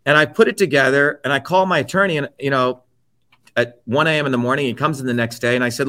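A man's voice: medium pitch, fast talker. A man as an interview guest, telling his story in a blunt, emphatic way, often checking in with "okay?" and swearing freely. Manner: forceful, checks in with repeated "okay?".

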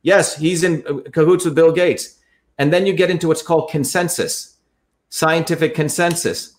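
A man's voice: fairly high pitch, moderate pace. A man talking in an interview, explaining at length in an earnest, lecturing way and often repeating his phrases. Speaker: guest.

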